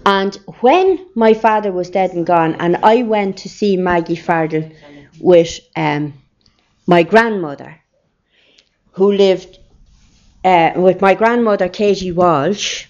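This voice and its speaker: An older Irish woman tells rambling family stories in an oral history interview, her lowish voice slow and a little mellow. Her anecdotes wander freely, and the recording is dull and lo-fi.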